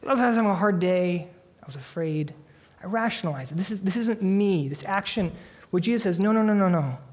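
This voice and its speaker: A pastor delivering a sermon in a somewhat high voice, his words ringing out with a long reverb as in a church sanctuary. He preaches earnestly, building to emphatic peaks before dropping to soft, hushed lines. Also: expressive, a little fast.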